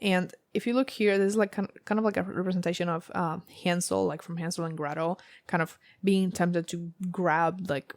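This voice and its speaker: A woman's voice: fairly low pitch, fairly even intonation, moderate pace, hardly any pauses, no room sound. A woman giving a casual tarot reading to camera, rambling and thinking aloud with many fillers. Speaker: tarot reader.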